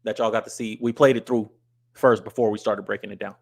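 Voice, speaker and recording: A blunt West Coast livestream host, an adult with a wife and kids, speaks quickly in a fairly low, steady voice. In his casual commentary he reads chat comments aloud and scolds viewers bluntly.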